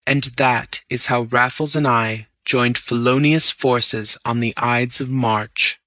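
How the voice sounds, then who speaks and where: A man reading an audiobook in a measured, unhurried storytelling manner. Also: medium pitch, fairly even intonation, pushed and bright, dry recording, rough recording. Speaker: audiobook narrator. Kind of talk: scripted narration.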